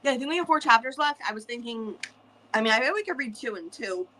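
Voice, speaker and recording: A woman's voice: a little high, animated, fast, sharp tone. A woman co-hosting a book club stream, rambling casually with restarts and a slight Southern turn of phrase. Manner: rambling, restarts, many fillers.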